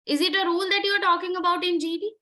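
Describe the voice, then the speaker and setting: A woman's voice: extremely high pitch, fairly even intonation, very fast, sharp tone. A woman with an Indian English accent coaching a group discussion session, questioning students insistently and switching between Hindi and English. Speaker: communication skills trainer.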